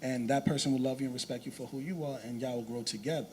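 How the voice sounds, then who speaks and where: A man's voice: mid-range voice, fairly even intonation, quick pace, a little hiss or hum. A man speaking as a panelist in a church discussion, talking casually and often saying "you know".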